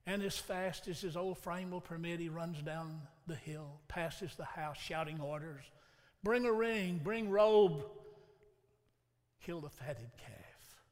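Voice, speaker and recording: Folksy preacher in a reverberant hall. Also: male voice, a little high, steady tone, unhurried, hardly any pauses. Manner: folksy, dramatic storytelling with voiced quotes. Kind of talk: sermon with storytelling.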